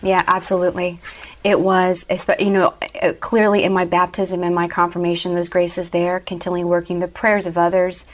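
A young woman sharing an earnest personal faith story as an interview guest, often laughing softly. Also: fairly low pitch, monotone, normal speed.

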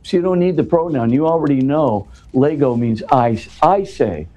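A man's voice: fairly high pitch, lively intonation, moderate pace, warm tone. A man speaking as an interview guest, explaining at length in an earnest, conversational way and often restarting his words.

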